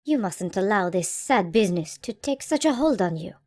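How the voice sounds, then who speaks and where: A woman voicing a proud, stern old male naval admiral in an audiobook, brisk and commanding, recorded dry and close. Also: medium pitch, lively intonation, darkish tone, dry recording, close to an everyday voice. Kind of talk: audiobook character voice.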